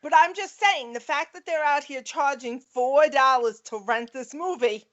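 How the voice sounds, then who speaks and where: Brief: middle-aged woman, Queens Long Island accent, lively ranting podcast host, slightly higher voice, lo-fi sound. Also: normal speed. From New York. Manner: animated, laughing, rants. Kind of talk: casual chat.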